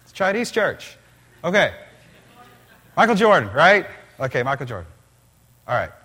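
A man preaching a sermon in a church, animated and conversational, asking the congregation questions. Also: fairly high pitch, moderate pace, husky. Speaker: pastor.

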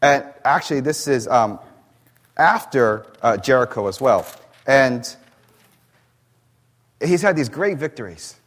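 A man's voice: medium pitch, lively intonation, a bit bright. Man preaching a sermon. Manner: reads scripture slowly, then explains in plain conversational asides. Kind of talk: sermon with scripture reading.

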